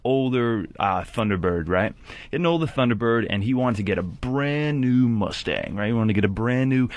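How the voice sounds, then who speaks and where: A man of middle pitch speaks close to the mic in a dead, dry room. He tells a long, rambling story and keeps restarting his sentences. The delivery is casual podcast storytelling. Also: lively intonation, normal speed, no echo. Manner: rambling, self-interrupting storyteller, acts out quotes. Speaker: podcast co-host.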